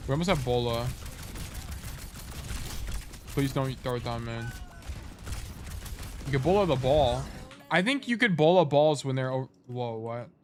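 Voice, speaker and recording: A man's voice: mid-range voice, animated, a little slow, long pauses, soft background music. A man giving casual live-stream coaching on a game replay, thinking aloud in a laid-back, slightly sleepy way and often trailing off to correct himself.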